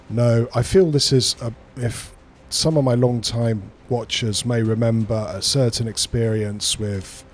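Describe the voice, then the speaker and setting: A man's voice: on the low side, slight background noise. A man streaming a strategy game who talks through his moves in rambling, casual commentary and swears freely.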